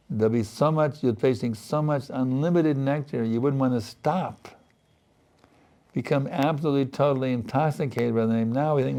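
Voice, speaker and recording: A man's voice: medium pitch, warm tone. A man giving a spiritual sermon, telling a story and acting out earnest, pleading prayers. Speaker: spiritual teacher.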